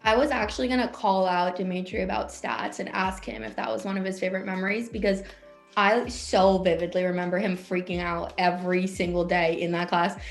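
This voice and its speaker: A woman's voice: mid-range voice, fairly even intonation, brisk, vocal fry, soft background music. Teasing young woman in an echoey room. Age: young adult. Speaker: student panelist. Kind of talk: casual chat.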